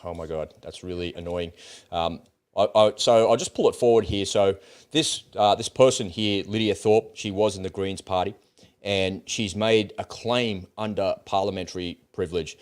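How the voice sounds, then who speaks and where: A man's voice: sits low, normal speed. An Australian man hosting a political commentary livestream, talking bluntly in casual, ranting speech and swearing freely.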